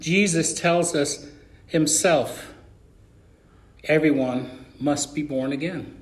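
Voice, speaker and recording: A man's voice: a little high, takes it slowly. A middle-aged man preaching a sermon as pastor, telling a story and acting out the dialogue. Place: church sanctuary. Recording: echoey church room.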